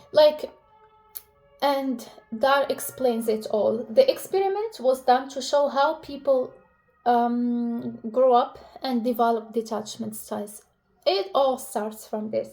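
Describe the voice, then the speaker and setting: A woman's voice: high-pitched, darkish tone. A young woman vlogger talking casually and emotionally to camera about relationships, with lots of fillers and restarts. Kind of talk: casual personal talk to camera.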